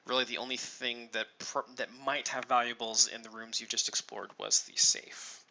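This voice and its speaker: Bright-voiced man running a tabletop game. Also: medium pitch, level tone, moderate pace, gravelly, low-quality recording. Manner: explains rules and lore at length, with many ums. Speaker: game master.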